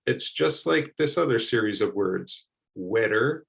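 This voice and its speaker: A man teaching English pronunciation, repeating words slowly and carefully for learners. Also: mid-range voice, lively intonation, vocal fry, a bit bright, rough recording. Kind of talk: slow, deliberate pronunciation lesson.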